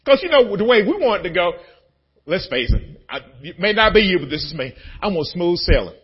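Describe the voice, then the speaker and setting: A male pastor preaching a sermon in an animated, dramatic, conversational way. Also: high voice, brisk, breathy edge, highs cut off.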